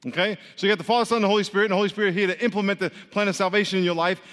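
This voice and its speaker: High-voiced man preaching in a reverberant hall. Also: rapid-fire, hardly any pauses, a bit bright. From grew up Catholic. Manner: playful, quizzes the audience. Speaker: preacher teaching a class. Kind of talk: interactive sermon with call-and-response.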